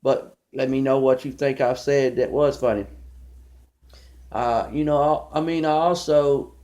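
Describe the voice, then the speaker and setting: A man's voice: mid-range voice, fairly even intonation, unhurried, darkish tone. A man doing a rambling, conversational stand-up comedy monologue, storytelling with many restarts.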